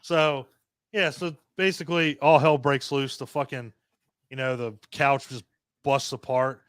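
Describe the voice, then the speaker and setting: A man co-hosting a podcast, giving a casual movie review in a heavily profane, animated rant and mocking the characters as he goes. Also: mid-range voice, unhurried, smooth, dry recording, clean studio sound. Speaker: podcast co-host reviewing a film.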